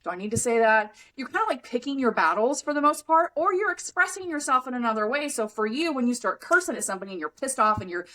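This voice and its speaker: A woman hosts a podcast in an unfiltered, conversational way. Her voice sits a little high, and she swears freely while stressing her points with conviction. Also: fast talker, hardly any pauses, low-quality recording. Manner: frank, swears freely, emphatic; acts out other people's lines in lively voices. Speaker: podcast host and anger coach. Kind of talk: casual conversational podcast talk.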